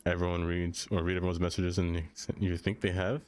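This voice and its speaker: A man's voice: lowish voice, level tone, moderate pace, hardly any pauses, clear, resonant tone, soft background music. A man live-streaming a city-building game, chatting casually with his viewers and laughing often.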